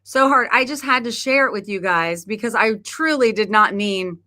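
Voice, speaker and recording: A woman's voice: a little high, lively intonation, normal speed, sharp tone. A middle-aged woman hosting a podcast, chatting casually and laughing often as she tells stories. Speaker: podcast host. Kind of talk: casual chat.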